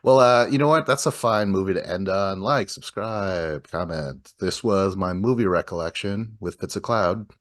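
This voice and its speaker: A man's voice: sits low, normal speed, hardly any pauses. A man hosting a casual movie podcast, rambling and laughing often as he trails off. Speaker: podcast host. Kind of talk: casual chat about movies.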